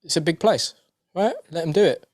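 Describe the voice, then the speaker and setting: A man's voice: on the high side, brisk, no room sound, studio quality. A man co-hosting a podcast, chatting casually and animatedly about boxing, swearing freely and jumping between points. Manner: animated, swearing, jokey with mimicked voices. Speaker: podcast co-host.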